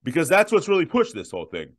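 A man in his thirties hosting a viewer Q&A, emphatic and direct, slowing down to stress his points. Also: on the high side, wildly swooping pitch. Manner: emphatic, punchy repetitions, slows down to stress points. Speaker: host answering viewer questions. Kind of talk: direct-to-camera Q&A.

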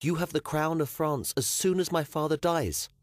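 A man's voice: on the high side, moderate pace, no room sound, clean studio sound, voice pushed up, natural voice. A male audiobook narrator voicing a proud, blunt young medieval queen who speaks firmly and plainly. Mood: defiant. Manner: firm, commanding, matter-of-fact. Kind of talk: audiobook character voice.

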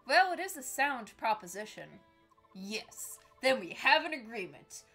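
A woman's voice: fairly high pitch, big pitch swings, measured pace, pushed and bright, faint music behind, full character voice. A woman voicing an earnest young male mercenary commander in a game, speaking plainly and politely.

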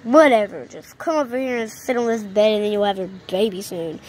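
A woman putting on a rude, impatient male animal doctor for a homemade cartoon. He talks in a lowered, flat, dismissive way and rushes his patients along. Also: a little hiss or hum, natural voice, low-quality recording. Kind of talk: amateur cartoon voice acting.

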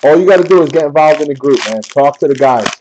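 A man's voice: fairly high pitch, fast talker, darkish tone, dull audio, a little hiss or hum. A man hosting a casual card-opening break, grumbling and joking with his viewers.

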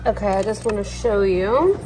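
A woman's voice: medium pitch, animated, moderate pace, music in the background. A woman ranting bluntly and swearing freely while she cooks in her kitchen for a vlog. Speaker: vlogger. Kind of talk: casual rant while cooking. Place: home kitchen.

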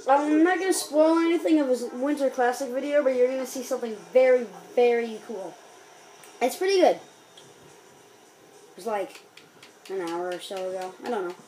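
A woman giving excited hockey gameplay commentary, yelling in frustration and cheering her plays. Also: sits high, normal speed, pauses often, slight background noise, poor audio. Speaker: gaming YouTuber.

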